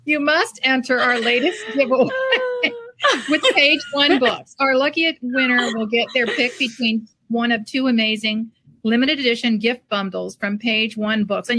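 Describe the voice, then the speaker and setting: Bright upbeat woman show host. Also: on the high side. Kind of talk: casual chat.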